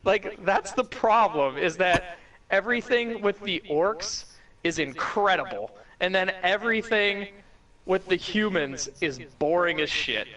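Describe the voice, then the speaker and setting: A young man with a bright, fairly high voice rattles on in a casual podcast chat. He is animated and swears freely, piling up "like" as he goes. His sentences run together in excited bursts. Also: measured pace, rough recording. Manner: animated, profane, talks in run-on bursts with lots of "like". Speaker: podcast co-host.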